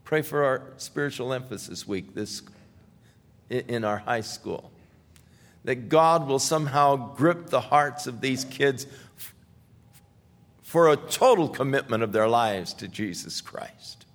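Slow emphatic male preacher, reverberant hall. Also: medium pitch. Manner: slow, emphatic preaching, surging loud on scripture. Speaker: pastor. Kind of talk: sermon.

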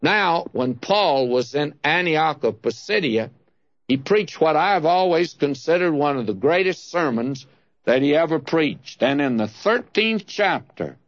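A man preaching an expository sermon, slow and emphatic, leaning hard on key words. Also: on the high side, no room sound, muffled recording.

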